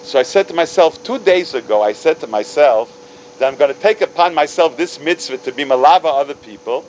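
A man in his fifties telling stories to a religious audience, animated, acting out dialogue with big jumps in pitch and sprinkling in Hebrew and Yiddish words. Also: brisk, slight background noise, rough recording. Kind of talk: storytelling talk.

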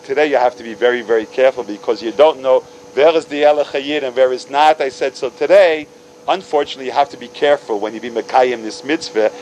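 A man in his fifties telling stories to a religious audience, animated, acting out dialogue with big jumps in pitch and sprinkling in Hebrew and Yiddish words. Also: a little hiss or hum, rough recording. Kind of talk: storytelling talk.

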